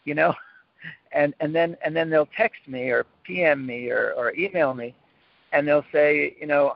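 Man, somewhat high voice, informal spiritual talk, animated, lots of fillers and restarts, tinny phone-line sound. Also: unhurried, creaky, no room sound. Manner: animated, acts out quoted people with dramatic flair; rambling with many fillers and restarts. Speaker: support mentor giving a talk.

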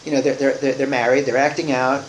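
A man's voice: medium pitch, little pitch movement, fast talker, roomy sound, slight background noise, rough recording. A man speaking informally to a group at a recovery meeting in a room, rambling and restarting his sentences with wry humor.

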